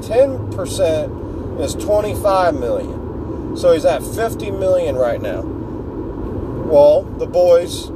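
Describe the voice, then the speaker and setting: Man, casual fan storyteller, rambling and jokey, slightly high voice, noisy car background. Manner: laid-back, joking, swears freely, loses his words.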